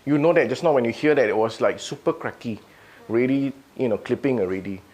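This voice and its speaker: A man's voice: mid-range voice, fairly quick, darkish tone. A man running a live audio product demo. He thinks aloud, restarting his sentences as he works.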